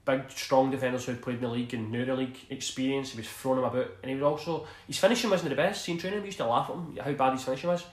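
A Scottish former footballer in his thirties rambles through stories in a casual interview, laughing often and saying "do you know what I mean." His mid-range voice races along with few pauses, and the room is reverberant.

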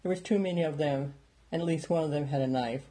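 Mellow-voiced male storyteller. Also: fairly high pitch, fast talker. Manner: plain steady reading, small lifts for dialogue. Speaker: narrator. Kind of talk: audiobook narration.

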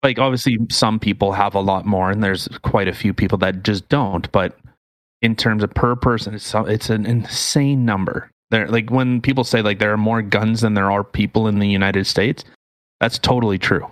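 A man's voice: on the low side, steady tone, moderate pace, no room sound. A man co-hosting a casual podcast, explaining news articles in an opinionated way. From Canada. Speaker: podcast co-host.

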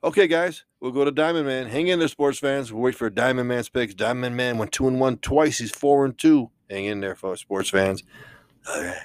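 A man's voice: mid-range voice, normal speed, smooth, dry recording. A man hosting a comedic sports betting show, teasing his guests. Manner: playful, teasing announcer. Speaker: host.

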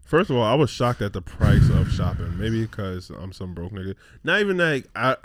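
A man's voice: on the low side, very animated, normal speed, a little hiss or hum. Laid-back young man podcast co-host. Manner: laid-back, jokey, laughs often. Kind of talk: casual chat.

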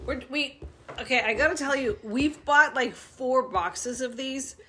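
A woman's voice: high-pitched, a little slow, pushed and bright, slight background noise. A young woman co-hosting a podcast in casual chat, teasing her partner and bursting into laughter. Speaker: podcast co-host.

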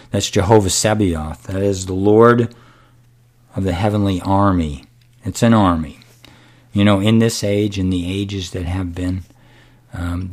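A middle-aged man preaching a sermon, unhurried and emphatic, dropping to a whisper at times. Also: sits low, darkish tone.

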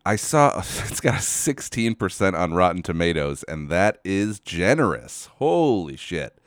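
A man's voice: deep voice, big pitch swings, a little slow, smooth, no echo, clean studio sound. A man hosting a casual solo podcast, ranting with exasperation, swearing and rambling into a microphone. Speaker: podcast host. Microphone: studio microphone.

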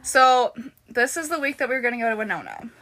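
Teasing young woman, very high voice. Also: sing-song, pushed and bright. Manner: teasing, quick to laugh. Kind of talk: casual chat.

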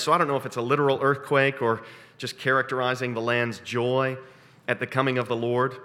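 A man preaching a sermon, animated, breaking into sudden high excited bursts when he acts out quotes. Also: brisk, in a large hall. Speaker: pastor.

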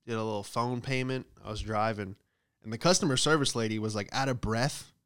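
A man's voice: lowish voice, a little fast, fairly bright tone, clear, resonant tone. A man doing a casual, profane comedic monologue, riffing with exaggerated bits about everyday hassles. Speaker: comedian host.

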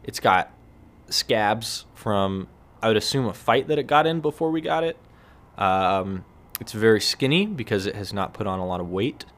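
At normal speed and in a lowish voice, this solo podcast host spins rambling, wry tales and lively acts out what others said. The setting is a relaxed evening with a cigar and a beer.

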